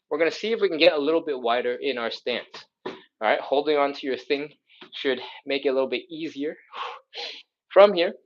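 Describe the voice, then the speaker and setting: Man, stretching coach, upbeat, chatty, live stream, slightly dull sound. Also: fairly high pitch. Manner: upbeat, chatty, playful exclamations. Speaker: stretching instructor. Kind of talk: live follow-along workout instruction.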